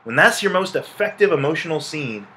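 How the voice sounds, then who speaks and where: A man reviewing a film in a casual, animated way, exasperated and swearing, with laughing asides. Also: on the high side, a little fast. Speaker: movie reviewer.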